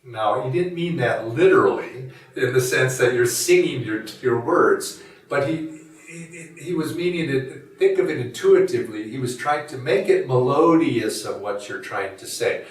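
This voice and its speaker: A man giving a reflective spiritual talk in a measured, musing, conversational way. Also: mid-range voice, lively intonation. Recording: echoey room from a distant mic.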